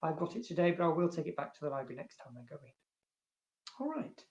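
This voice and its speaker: A man who works as a librarian, chatting casually at home and reading love poems aloud, with many fillers and a louder, more expressive voice when he recites. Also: on the high side, quick pace. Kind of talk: casual chat and poetry reading. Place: at home, indoors. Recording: roomy, dull home recording.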